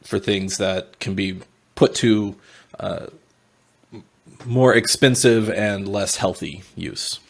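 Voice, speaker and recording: A man describing his character in a tabletop game, halting with many fillers and restarts. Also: fairly low pitch, vocal fry, slightly rough. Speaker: player.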